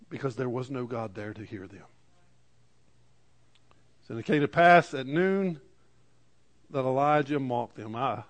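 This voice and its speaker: A man preaching to a congregation, reading scripture dramatically with lively asides and stammered restarts. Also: medium pitch. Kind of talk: sermon. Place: church in front of a congregation.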